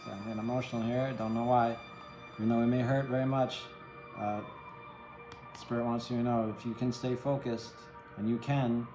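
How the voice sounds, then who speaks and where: A man talks through a tarot reading in an easy, rambling way, often checking in with the listener. His voice sits at a middle pitch and sounds roomy, with faint music underneath. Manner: chatty, empathetic, rambling with many "right?" tags. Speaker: tarot reader.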